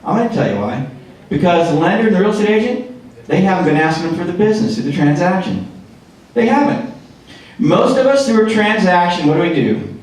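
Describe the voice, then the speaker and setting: A man's voice: high-pitched, sing-song, fairly quick, a little mellow. A man presenting a punchy motivational sales talk to a live audience at a real estate seminar, firing off rhetorical questions. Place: meeting room with live audience. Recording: echoey room, recorded from far off.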